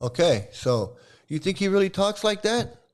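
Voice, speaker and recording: A man's voice: high-pitched, sing-song, moderate pace. A man hosting a commentary video, ranting heatedly, swearing and repeating himself as he gets worked up. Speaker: commentary host. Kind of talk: angry commentary rant.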